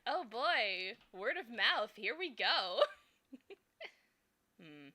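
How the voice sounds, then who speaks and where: A woman's voice: a little high, sing-song, extremely slow, pushed and bright. A young woman chatting casually and thinking aloud while she draws, giggling often between fillers. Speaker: streamer and fan artist. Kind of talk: casual chat while drawing.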